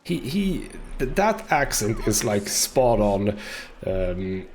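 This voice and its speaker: Male let's play host, lively pitch, wry. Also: slow, a crowd in the background. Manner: chatty, wry, laughs often. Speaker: gaming host.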